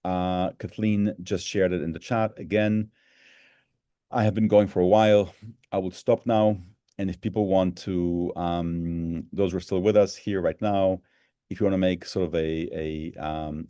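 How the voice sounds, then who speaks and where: A man's voice: low-pitched, clean studio sound. A man hosting an online town hall on a video call, talking loosely with many restarts and fillers. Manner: rambling, warm-hearted, many restarts and fillers. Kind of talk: casual live video-call talk.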